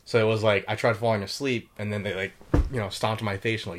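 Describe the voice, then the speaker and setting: A man's voice: lowish voice, steady tone, noisy background. A young man telling war stories in a casual chat, loose and full of fillers and swearing. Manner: swears a lot, quick and loose with many fillers. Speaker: podcast host telling military stories.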